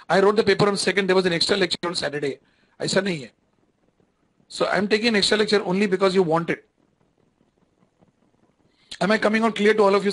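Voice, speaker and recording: A man's voice: high voice, rough recording. A man with an Indian English accent giving an online lecture, talking conversationally, repeating phrases and checking whether students follow.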